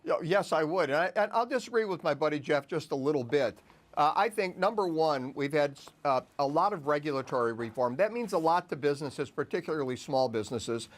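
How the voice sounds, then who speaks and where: A man answering questions as a guest commentator on a live business news broadcast. His voice sits a little higher than most men's, and he lays out his view in an earnest, measured way. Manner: earnest, steady, a few restarts. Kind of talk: live TV interview.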